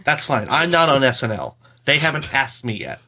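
A man co-hosting a podcast, joking in an animated, self-deprecating way. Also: medium pitch, moderate pace, slight background noise. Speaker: podcast co-host. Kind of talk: casual podcast discussion.

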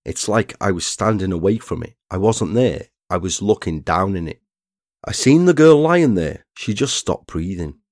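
A man, narrating a true crime story in a measured scripted read. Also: fairly low pitch, a little mellow, dry recording, clean studio sound. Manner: measured, reads statements aloud plainly.

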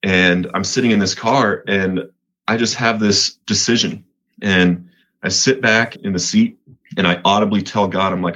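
A man's voice: fairly low pitch, steady tone, normal speed, fairly bright tone, highs cut off. A man from Colorado, a podcast guest giving an earnest personal faith testimony, often restarting and repeating words.

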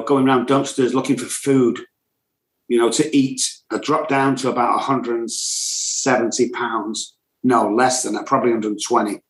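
A man's voice: mid-range voice, roomy sound, poor audio. A middle-aged man, telling his own recovery story in a blunt, intense way as a podcast guest. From England. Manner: blunt, intense, self-described loud and cocky. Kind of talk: emotional personal storytelling.

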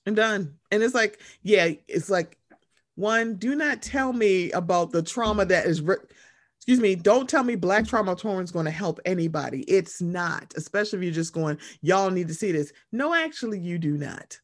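Animated, sarcastic man talking casually. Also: high voice, moderate pace. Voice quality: animated, profane, sarcastic, slips into mocking voices. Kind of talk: casual chat.

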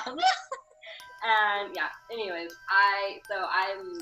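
Bright playful woman in an echoey room. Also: medium pitch, fairly even intonation, normal speed, soft background music. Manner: playful, riffing with silly images. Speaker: podcast co-host. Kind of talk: casual chat.

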